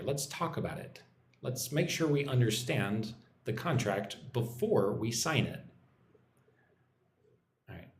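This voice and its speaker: A man teaching English on a live stream, his pitch rising and falling a lot as he explains each sentence. He repeats key words and keeps checking in with "right?". The room gives his voice a clear echo. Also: lively intonation, slow, long pauses, slight background noise. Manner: patient, repeats and explains, often asks "right?".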